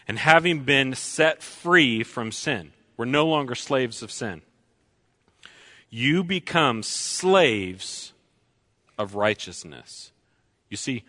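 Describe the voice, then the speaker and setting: Slow bright-voiced male preacher. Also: medium pitch. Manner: slow and deliberate, repeats key lines for emphasis. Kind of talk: sermon.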